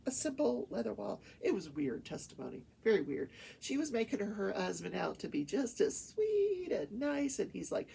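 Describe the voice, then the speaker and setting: A woman's voice: mid-range voice, very animated, moderate pace, creaky, few pauses, dark tone, a little hiss or hum. An older woman hosting a talk show, chattily retelling courtroom testimony in casual storytelling with her own asides. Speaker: talk show host and retired attorney. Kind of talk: casual storytelling recap of a trial.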